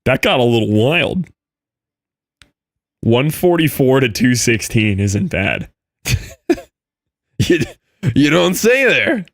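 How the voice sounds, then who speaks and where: A man livestreaming and chatting with viewers, excitable and laughing often, with quick asides to chat. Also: mid-range voice. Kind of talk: live stream chatter reading chat.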